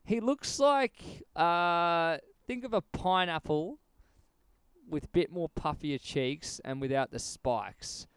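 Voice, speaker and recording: Aussie male podcast host, smooth clear voice, dry close mic, swears and laughs through his stories. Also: fairly high pitch, slow pace, a bit bright, dry recording. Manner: profane, laughing storyteller. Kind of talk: casual podcast chat.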